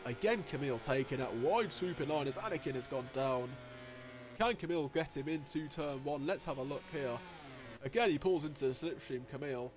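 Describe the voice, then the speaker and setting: Male race commentator, live commentary, excitable, high-pitched, engine noise behind. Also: brisk. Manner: excitable, voice jumps high at overtakes. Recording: noisy with engine sounds behind. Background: racing game engine noise.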